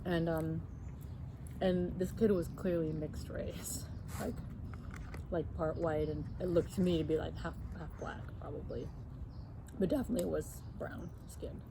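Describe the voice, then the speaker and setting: A woman in her forties, co-hosting a casual chat and telling a story, lively and quick to jump up in pitch as she acts it out. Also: background noise. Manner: animated, jumps up in pitch when acting out the story. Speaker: co-host.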